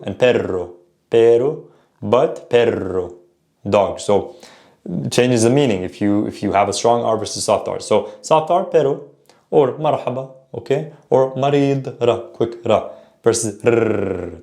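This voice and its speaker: A man's voice: medium pitch, darkish tone. Casual man teaching pronunciation. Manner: repeats words slowly to model pronunciation; self-correcting, informal. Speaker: language teacher. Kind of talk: casual spoken lesson.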